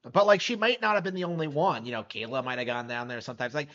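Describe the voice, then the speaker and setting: A man's voice: mid-range voice, quick pace, a bit bright, highs cut off. A man reacting on a live stream, skeptical and incredulous, rambling with lots of fillers.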